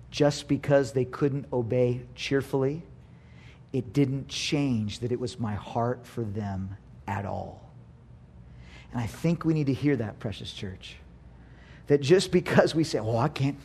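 A man, a pastor and father, preaching a sermon in an animated way, acting out quotes and swinging from loud to hushed. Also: on the high side, husky.

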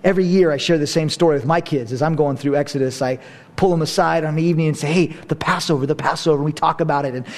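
A middle-aged man preaching a sermon, animated, swinging between hushed and loud, with playful asides. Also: fairly high pitch, fast talker. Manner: playful asides and self-mocking humor. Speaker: pastor.

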